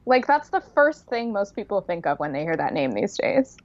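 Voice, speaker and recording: A woman's voice: medium pitch, very animated, normal speed. A young woman co-hosting a podcast, chatting casually with wry, dry jokes. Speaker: podcast co-host. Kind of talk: casual chat. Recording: slightly dull lo-fi sound.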